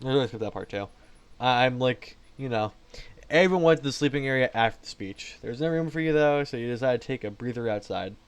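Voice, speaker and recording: A man's voice: medium pitch, lively intonation, brisk, smooth. A man playing through a visual novel, reading the text aloud and adding casual, jokey asides, often tripping over his words. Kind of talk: game playthrough, reading and commenting.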